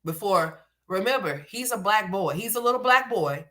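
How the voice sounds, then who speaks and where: A woman's voice: mid-range voice, lively intonation, normal speed, fairly bright tone. A woman hosting reaction commentary, talking in a blunt, profane, scolding way. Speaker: commentary host.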